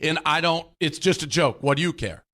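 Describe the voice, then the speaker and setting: Male radio host, aggressive and profane, mocking tone, slightly high voice. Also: brisk, a bit bright. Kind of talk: heated on-air argument.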